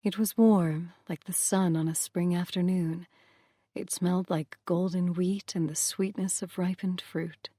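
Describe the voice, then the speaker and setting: A woman voicing a gentle, shaken goddess who speaks softly and breathily. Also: on the low side, fairly even intonation, a little slow, dry recording, studio quality. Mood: hushed. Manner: soft, breathy, hushed. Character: shaken gentle goddess, soft-spoken and uneasy.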